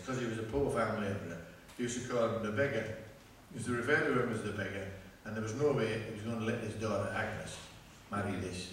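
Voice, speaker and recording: A man's voice: lowish voice, a bit bright. A man tells a rambling, pun-filled comic story on a festival stage, restarting his phrases as he goes. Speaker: folk singer telling a comic story. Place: festival stage before a live audience. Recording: echoey distant festival recording with noise.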